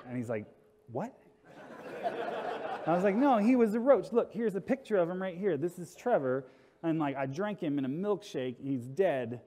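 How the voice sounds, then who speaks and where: A man's voice: medium pitch, a little mellow, a little hiss or hum. A man giving a humorous storytelling talk at a conference, casual and wry, acting out quotes as he goes. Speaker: conference speaker. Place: conference hall. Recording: long reverb in a conference hall.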